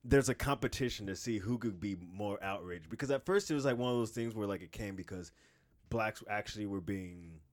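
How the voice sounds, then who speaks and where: A man co-hosting a podcast and trying out stand-up, talking in loud, profane, animated rants. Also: fairly low pitch, a little fast. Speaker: podcast co-host, aspiring stand-up comic. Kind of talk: casual podcast chat.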